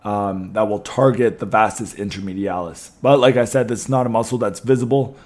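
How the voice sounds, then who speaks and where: A young man, slightly hoarse, hosting a podcast in a chatty way with many ums and restarts. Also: on the low side, brisk, darkish tone. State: losing his voice a little. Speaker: podcast host. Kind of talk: casual podcast talk.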